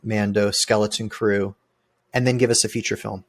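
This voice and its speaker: A man's voice: on the low side, little pitch movement, normal speed, dry recording. Thoughtful podcast guy, dry sound. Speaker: podcast co-host. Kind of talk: casual chat.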